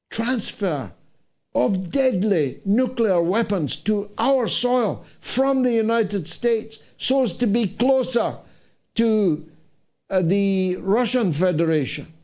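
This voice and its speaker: A man's voice: high-pitched, a little mellow. An older man from the United Kingdom hosting a talk show. He delivers an indignant monologue full of rhetorical questions. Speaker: host.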